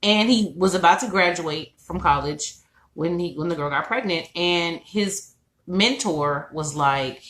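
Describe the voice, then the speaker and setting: A young adult woman co-hosting a podcast, telling stories in a profane, animated way. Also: lowish voice, measured pace. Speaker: podcast co-host. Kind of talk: casual chat. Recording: echoey room.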